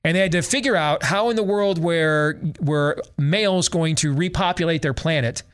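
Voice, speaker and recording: A man's voice: a little high, normal speed, clean tone. A middle-aged man hosting a talk show, giving a sarcastic, exasperated and emphatic rant about a film. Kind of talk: opinionated movie-review rant.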